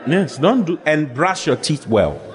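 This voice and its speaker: A male pastor preaching a humorous sermon, animated, joking and laughing as he talks. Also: on the high side, a little slow, over a noisy crowd. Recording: live with congregation heard.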